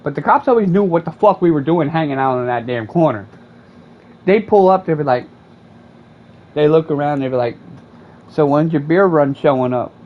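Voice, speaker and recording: A man's voice: a little high, animated, fairly quick, pauses often. A man, telling a profane, rambling story in casual chat while streaming a game. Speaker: gaming streamer. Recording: dull lo-fi mic with faint air conditioning hum.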